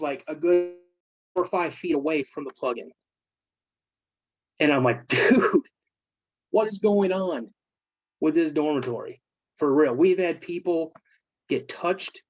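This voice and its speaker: Telling ghost stories from his time in the military, a veteran animatedly imitates his friends' voices in a casual storytelling style. His pitch is medium, and the recording is muffled with no room sound.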